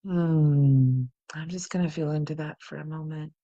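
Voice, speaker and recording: Low gravelly woman guiding a breathing practice. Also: steady tone, lo-fi sound. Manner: soft and unhurried, laughs at herself. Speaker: host leading a guided breathing practice. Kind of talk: gentle guided meditation, chatty asides. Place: home, close to the camera. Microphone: camera mic, close.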